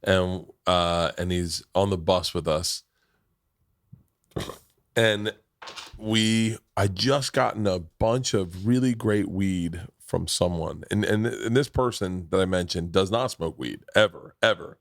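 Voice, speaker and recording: A man's voice: low-pitched, takes it slowly. A man hosting a casual chat, telling a profane story with lots of restarts.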